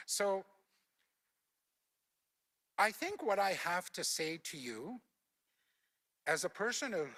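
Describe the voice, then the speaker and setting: A man's voice: on the high side, pushed and bright. An older man from Alberta, a former Cree teacher, explains language points in a panel talk with patient, instructive anecdotes. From Alberta, Canada.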